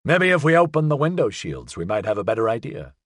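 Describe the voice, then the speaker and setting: A man's voice: medium pitch, sing-song, fairly quick, fairly bright tone, dry recording. A man voicing a dazed, wounded man who makes dry, wry jokes in an audiobook.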